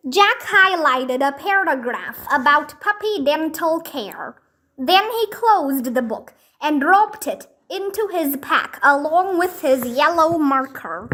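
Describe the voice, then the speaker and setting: Slow, high-voiced woman reading a storybook. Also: lively intonation, a bit bright. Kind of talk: children's book read aloud.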